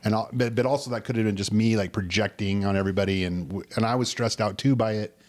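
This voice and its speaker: A man's voice: fairly low pitch, steady tone, fast talker, a little mellow. A man in his thirties co-hosting a podcast, telling a personal story in a rambling, earnest way. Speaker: podcast co-host. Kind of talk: casual storytelling chat.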